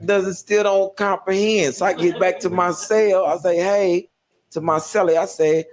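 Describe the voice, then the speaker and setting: A man's voice: high-pitched, normal speed, faint music behind. A man telling a stand-up comedy story, voicing the people in it and laughing through his lines. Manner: animated, voices other inmates, laughs through lines.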